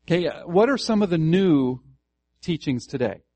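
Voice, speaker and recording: A man's voice: on the high side, lively intonation, normal speed, dark tone, dry recording. A man teaching Scripture to a church group, earnest, restarting phrases and putting questions to the room. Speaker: Bible teacher. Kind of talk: Bible study teaching to a congregation.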